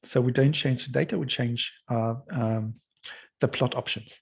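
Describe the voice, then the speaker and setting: A man's voice: medium pitch, moderate pace, gravelly, husky, rough recording. A man leading a workshop, explaining code step by step and often checking in with "right?". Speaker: workshop instructor. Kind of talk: lecture walking through code.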